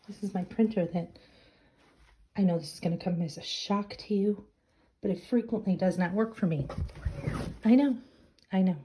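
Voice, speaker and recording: A middle-aged craft and journaling vlogger gives a casual tour of her home office on a handheld camera, chatty and slightly out of breath, with self-deprecating asides. Her voice is medium-pitched and mellow, with a little hiss or hum.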